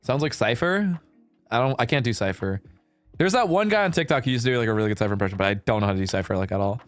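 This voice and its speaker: A man's voice: mid-range voice, animated, very fast, no echo, faint music behind. A male streamer in casual chat, laid-back and rambling with fillers, swearing and laughing often.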